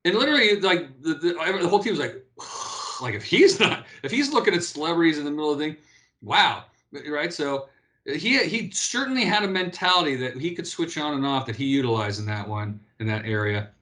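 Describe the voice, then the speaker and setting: A man in his fifties talks in a fairly high voice as an interview guest. He tells stories animatedly, restarting sentences and tagging them with "right?". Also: a little fast. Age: 50s. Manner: animated storyteller, frequent restarts and "right?" tags. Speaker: guest, former pro beach volleyball player. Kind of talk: casual interview talk.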